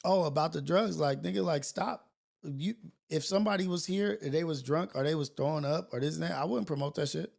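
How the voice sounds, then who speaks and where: A man with a raised pitch and a gravelly fry runs a loose morning livestream. He talks in a relaxed street-slang way, cussing freely and laughing between thoughts. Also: a little fast. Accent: Californian English. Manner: animated, swearing, slangy, laughing often. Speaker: podcast host. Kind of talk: casual livestream talk.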